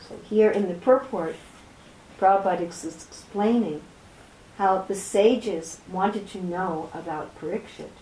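Middle-aged woman teaching a scripture class, slow and distinct, roomy echo. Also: medium pitch, mellow, a little hiss or hum. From New York City. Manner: slow, deliberate, very distinct speech. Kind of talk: reading and explaining scripture to a class. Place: room with a small class.

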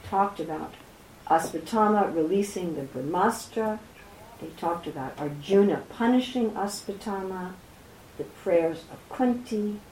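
Middle-aged woman teaching a scripture class, slow and distinct, roomy echo. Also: lowish voice, a little mellow. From New York City. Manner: slow, deliberate, very distinct speech. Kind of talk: reading and explaining scripture to a class. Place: room with a small class.

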